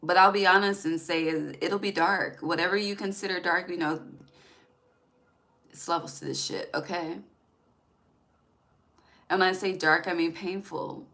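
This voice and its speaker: A woman's voice: lowish voice, steady tone, normal speed, pauses often, sharp tone, poor audio. A woman giving a casual tarot reading, chatty and emphatic, swearing freely and talking straight to her viewers. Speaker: tarot reader.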